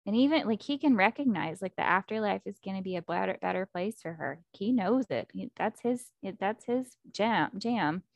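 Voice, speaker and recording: A woman in casual chat, excitedly recapping a book plot and acting out the characters' lines. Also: mid-range voice, normal speed, gravelly, hardly any pauses, no room sound, highs cut off. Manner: animated, acts out character quotes, fillers like 'like' and 'um'.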